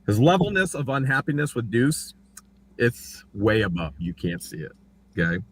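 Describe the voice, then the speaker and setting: Speaking at a normal pace over slight background hiss, this man casually recounts his own court case for a livestream audience. Animated throughout, he mimics others' words with big swings in voice.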